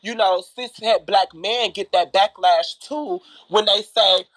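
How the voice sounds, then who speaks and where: A woman's voice: medium pitch, a little slow, dry recording, rough recording. A trans woman speaking as a guest in a heated panel debate, profane and talking over others.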